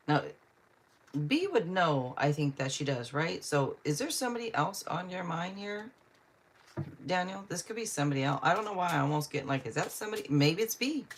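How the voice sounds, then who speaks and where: Low-voiced chatty woman reading tarot. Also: animated, normal speed, long pauses, slight background noise. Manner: chatty, addresses viewers by name, laughs often. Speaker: tarot reader. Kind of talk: live-stream tarot reading.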